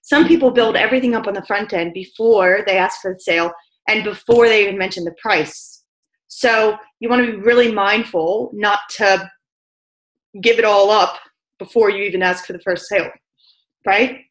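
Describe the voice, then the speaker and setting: A woman sales coach teaching a business training session, brisk and emphatic, repeating her key points. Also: medium pitch, a bit bright, echoey room, low-quality recording.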